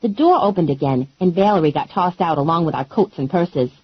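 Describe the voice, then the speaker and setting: A woman narrating an audiobook in first person with a wry, deadpan comic delivery. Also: on the low side, brisk, husky, no echo, highs cut off.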